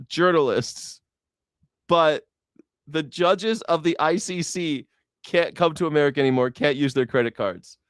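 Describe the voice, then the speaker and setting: A man's voice: fairly high pitch, smooth, dry recording, clean studio sound. A young man hosting a news reaction show, sarcastic and mocking, with lots of swearing. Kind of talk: profane sarcastic commentary.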